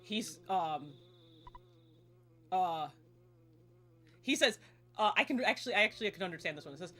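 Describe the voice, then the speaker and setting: A young woman streaming a game live, chatting excitably, laughing and swearing casually as she plays. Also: on the low side, normal speed. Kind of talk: live gameplay commentary. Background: faint game music.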